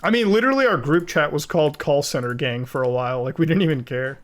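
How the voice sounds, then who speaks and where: Speaking quickly in a fairly high voice, a young man rambles through a casual home stream as he edits video. His talk is full of swearing and asides where he laughs.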